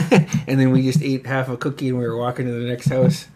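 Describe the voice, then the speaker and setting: A man's voice: medium pitch, little pitch movement, fairly quick, darkish tone. A middle-aged man co-hosting a casual chat, telling stories with lots of laughter and cursing. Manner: swearing, laughing storyteller, acts out quotes. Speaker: podcast co-host.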